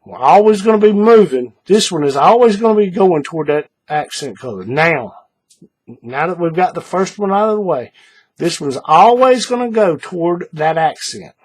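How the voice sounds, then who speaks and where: A man calmly talking through a paracord bracelet tutorial step by step, patient and repetitive, often checking in with the viewer. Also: high-pitched, normal speed, breathy edge. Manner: patient, repeats steps, checks in with "all right?". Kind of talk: hands-on craft tutorial.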